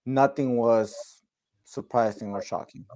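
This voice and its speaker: A man's voice: medium pitch, takes it slowly, a little mellow, poor audio. A man co-hosting a casual sports chat, giving his opinions and thinking aloud with frequent "like"s. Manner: thinks aloud with lots of "like" and restarts. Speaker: co-host.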